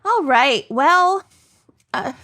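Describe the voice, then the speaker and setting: Woman podcast co-host, casual and breezy, a touch high-pitched. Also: animated, drawn-out words, pushed and bright. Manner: breezy, steers the conversation along. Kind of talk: casual chat among friends.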